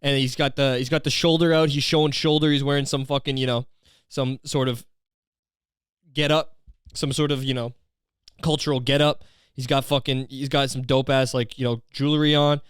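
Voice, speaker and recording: A young man hosting a comedy podcast, ranting in a profane, animated, self-mocking way. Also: mid-range voice, normal speed, smooth, dry recording, clean studio sound. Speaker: podcast host.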